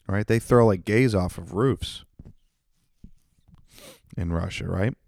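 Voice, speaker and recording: Low gravelly man ranting on his podcast. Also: a little mellow, no echo, clean studio sound. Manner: rambling, swears constantly, self-deprecating jokes. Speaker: podcast host. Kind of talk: casual profane monologue.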